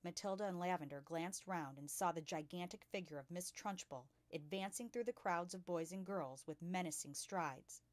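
A woman reading a children's novel aloud with lively expression as a storytime host. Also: fairly low pitch, normal speed, few pauses, no room sound. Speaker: storytime reader.

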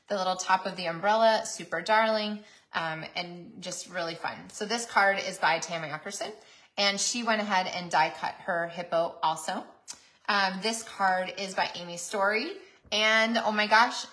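A woman's voice: mid-range voice, fairly bright tone. A woman hosting a live craft show, chatting casually and enthusiastically about handmade cards, with frequent ums along the way. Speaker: host showing handmade cards.

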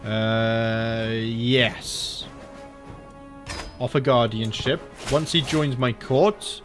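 This Australian streamer has a medium-pitched voice with fairly even intonation and drawn-out words, over faint background music. He talks casually while playing a strategy game, thinking aloud, muttering, correcting himself and often swearing mildly as he clicks through menus.

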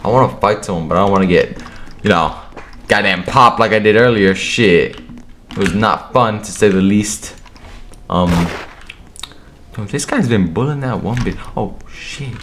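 A young man giving rowdy, profane commentary over his own gameplay, excitable and quick to burst into shouting. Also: fairly low pitch, a little hiss or hum. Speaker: gaming video creator. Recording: echoey room with keyboard clatter. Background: keyboard clicks and typing.

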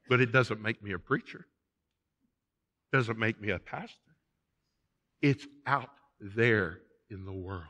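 A man's voice: fairly low pitch, slow pace, long pauses, a bit bright. A man pastor delivering a sermon in a church, emphatic and repeating phrases for stress. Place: church sanctuary.

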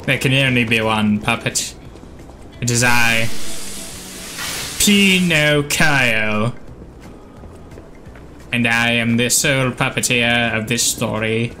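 A man hams up a grandiose puppet villain in a video game, dragging each slow, ominous proclamation. The voice stays bright and forceful, with faint music playing underneath. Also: mid-range voice. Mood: mock ominous.

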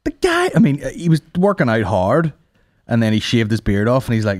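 Male comedy podcast host, rambling and profane, pitch bouncing all over, dry close sound. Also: huge pitch swings, fairly quick, a little mellow, no echo. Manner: profane, rambling, laughs at his own jokes. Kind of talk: casual comedic rant.

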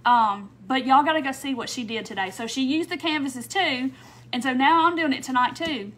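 Woman with a high, bright voice, hosting a craft livestream; casual and chatty, greets everyone by name. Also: moderate pace. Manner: chatty, warm welcomes, frequent little laughs and "um"s.

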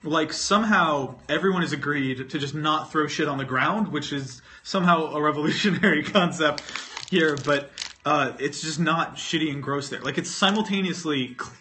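A man's voice: on the high side, normal speed, pushed and bright, a little hiss or hum. Rambling, swearing young man eating on stream. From North Carolina, US. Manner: rambling, self-mocking, swears freely, talks with food in mouth. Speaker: livestreamer. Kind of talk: casual livestream chat while eating. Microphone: phone.

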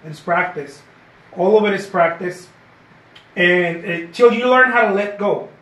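A man's voice: high-pitched, measured pace, sharp tone. A man giving a live painting lesson, chatty and encouraging, repeating his points and often asking "okay?". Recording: roomy echo.

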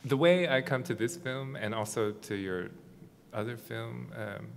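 A man's voice: medium pitch, a little slow, vocal fry. A man moderating a discussion at a screening, hesitant and searching for words. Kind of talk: casual conversation at a screening. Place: art gallery. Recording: reverberant gallery space with faint noise.

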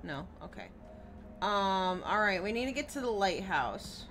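A woman's voice: medium pitch, expressive, a little slow, noisy background. A woman streaming a horror game live, reacting with jumpy, frightened exclamations and casual chat. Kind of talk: live gameplay commentary.

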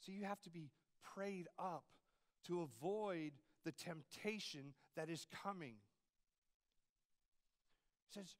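A man's voice: high voice, takes it slowly, pauses often. A man preaching a sermon as campus pastor, in a conversational style with frequent rhetorical asides to the congregation.

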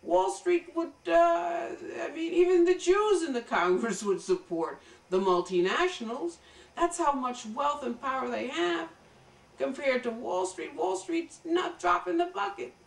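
A woman's voice: high-pitched, animated, a little slow, creaky, recorded from a distance. Emphatic woman lecturing in a roomy echo. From United States. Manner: emphatic, lecturing, addresses viewers directly. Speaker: political commentator. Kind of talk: political commentary monologue.

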